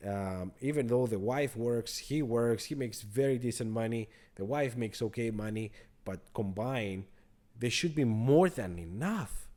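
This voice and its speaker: Host type: middle-aged man, mid-pitched, animated storyteller, exasperated asides to viewers. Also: measured pace. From abroad. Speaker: credit card channel host. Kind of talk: casual storytelling to camera.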